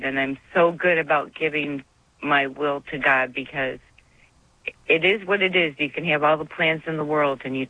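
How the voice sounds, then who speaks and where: A woman's voice: sits low, fairly even intonation, moderate pace, pushed and bright, no echo. Female caller, emotional and earnest testimony, muffled lo-fi phone sound. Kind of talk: call-in testimony.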